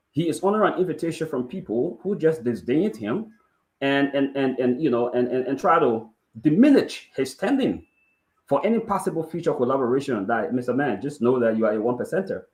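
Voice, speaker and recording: A man giving measured political analysis on a talk show, asking rhetorical questions. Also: fairly high pitch, very animated. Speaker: political commentator. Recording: echoey room.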